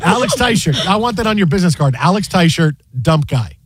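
A male sports broadcaster with a high voice chats and tells stories in an animated, repetitive way. The sound is dry and close. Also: brisk, breathy edge, dry recording. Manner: animated, many repeated words. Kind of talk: casual storytelling chat.

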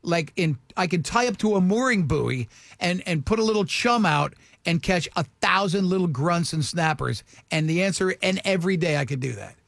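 Man, radio host, high gravelly voice, rambling casual banter, dry studio sound. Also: animated, normal speed, a bit bright, no room sound. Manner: gravelly, rambling and restarting mid-sentence.

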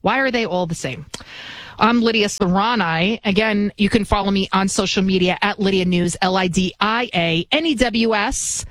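A woman in her forties hosts a talk radio show, ranting in an indignant monologue. Her voice sits at an ordinary middle pitch, close and dry on a studio microphone with no room sound. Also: moderate pace, dry recording. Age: 40s.

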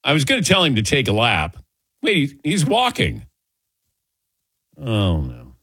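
Animated jokey sports radio host man. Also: medium pitch, unhurried, breathy edge, no room sound, studio quality. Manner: jokey, teasing co-hosts. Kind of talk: casual radio chat.

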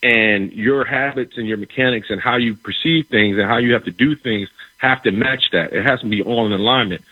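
A middle-aged man, a former football player, telling a locker-room story in a lively way, repeating words and acting out what others said. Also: medium pitch, brisk, breathy edge, dry recording, dull audio. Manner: animated, repeats words, acts out quoted dialogue. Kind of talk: casual storytelling.

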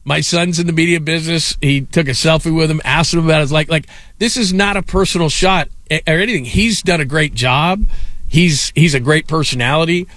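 A man's voice: a little high, fairly quick, a bit bright, no room sound. Rambling middle-aged sports radio man. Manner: rambling storyteller, lots of fillers and laughs. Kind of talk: casual sports talk.

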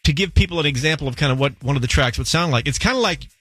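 A man hosts a weekend radio countdown show in an upbeat, polished presenter manner. His voice sits a bit high, and it is picked up on a close, dry studio mic. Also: animated, racing, fairly bright tone, no echo, soft background music. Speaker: radio host. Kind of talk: radio show hosting and interview.

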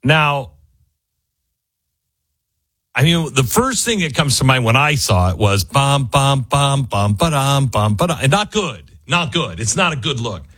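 A man's voice: mid-range voice, sing-song, measured pace, pauses often, sharp tone, breathy edge, dry recording. A man hosting a show, giving casual, sardonic political commentary with rambling asides.

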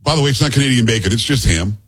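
A man's voice: mid-range voice, animated, husky. A middle-aged man hosting a talk radio show in a jokey, chatty manner, talking into a studio microphone. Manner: chatty, jokey, rapid-fire asides. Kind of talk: casual on-air chat.

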